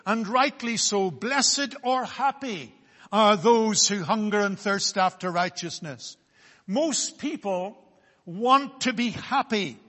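A man preaching a sermon, speaking slowly and deliberately with solemn emphasis on key words. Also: sits high, bright, forceful tone, in a large hall.

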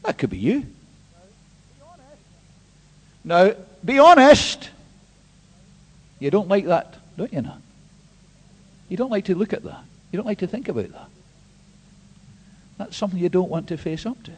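A man pastor preaching an emphatic sermon, swinging between hushed and loud. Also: sits high, sing-song, brisk, long pauses, husky. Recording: long hall reverb.

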